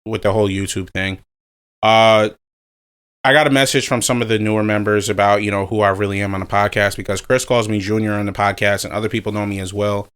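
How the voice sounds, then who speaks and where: A man's voice: lowish voice, level tone, fast, fairly bright tone, clear, resonant tone. A man co-hosting a casual podcast, talking in an easygoing, rambling way with many filler words. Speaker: podcast co-host.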